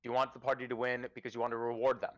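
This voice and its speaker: A man's voice: medium pitch, little pitch movement, very fast, muffled recording. A man hosting a casual livestream chat, giving profane, emphatic advice as a game master. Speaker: podcast host and dungeon master.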